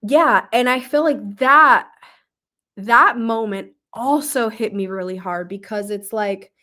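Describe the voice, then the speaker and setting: A woman's voice: a little high, takes it slowly, sharp tone. Chatty young woman reviewing a book. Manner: emotional, gushing, thinking aloud with many fillers. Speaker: book club host. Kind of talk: casual book review livestream.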